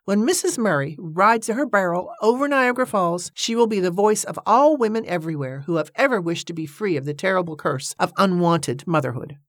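A woman's voice: on the low side, expressive, a little fast, hardly any pauses, no room sound, clean studio sound, voice pushed up. A woman reading an audiobook, voicing a haughty, indignant woman who leads an activist movement. She declaims in a pompous manner. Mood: indignant, declaiming.

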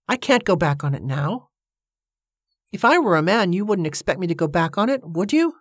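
A woman's voice: on the low side, sing-song, moderate pace, slightly rough, no echo, studio quality. A woman voicing a determined young woman daredevil in a storybook reading, speaking boldly and eagerly. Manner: bold, eager.

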